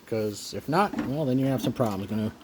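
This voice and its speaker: A man's voice: mid-range voice, brisk, background noise. Easygoing man narrating a motorcycle fix. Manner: relaxed, plain-spoken, thinking aloud with restarts. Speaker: motorcycle owner showing a repair. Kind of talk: casual how-to narration.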